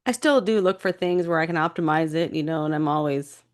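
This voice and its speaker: A woman with a lowish voice co-hosts a casual talk. She speaks candidly and at ease, often filling with "you know" and "I just". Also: a little fast. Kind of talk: casual conversation.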